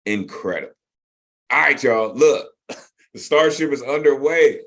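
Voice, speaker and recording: A man hosting an online poetry open mic over a video call, excitable and full of praise, repeating words and laughing often. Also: medium pitch, normal speed. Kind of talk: enthusiastic hosting.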